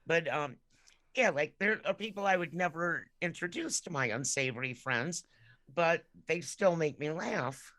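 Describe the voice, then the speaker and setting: Bright, giggly woman co-host. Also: low-pitched, animated, a little slow, no room sound. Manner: giggly, easygoing, trailing off. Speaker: podcast co-host. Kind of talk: casual chat.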